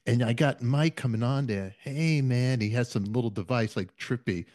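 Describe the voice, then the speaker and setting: Brooklyn-accented male host, excitable, neurotic, self-deprecating chatter; mid-pitched. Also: fairly quick. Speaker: interview host. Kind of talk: casual interview chat.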